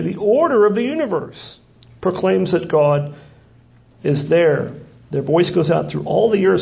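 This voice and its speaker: A man preaching a sermon who asks rhetorical questions and slows down to stress scripture verses. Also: sits high, creaky, lo-fi sound. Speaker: pastor.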